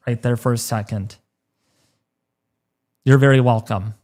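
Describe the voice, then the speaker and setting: A man in his thirties hosting a weather livestream, choked up and halting, repeating words as he talks. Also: medium pitch, steady tone, darkish tone. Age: 30s. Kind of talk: emotional livestream talk.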